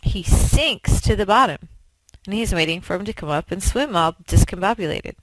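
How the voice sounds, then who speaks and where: A woman giving a talk who tells stories in an animated, conversational way with frequent fillers. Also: mid-range voice, normal speed, slight background noise, poor audio. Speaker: speaker. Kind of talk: storytelling public talk.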